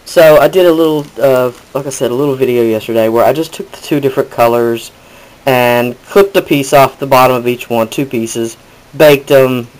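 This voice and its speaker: A man's voice: medium pitch, moderate pace, low-quality recording. A man hosting a casual crafting tutorial, chatting and correcting himself as he demonstrates. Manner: chatty, rambling with self-corrections.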